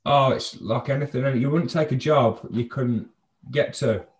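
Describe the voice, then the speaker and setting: A man's voice: medium pitch, normal speed. A man, a comedian, chatting casually on a podcast and laughing often. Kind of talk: casual chat.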